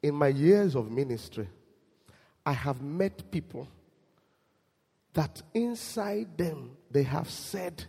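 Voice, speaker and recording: A man preaching a sermon in church, animated and quizzing his congregation. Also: a little high, slow pace, creaky, long pauses, husky, big-room sound. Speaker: pastor.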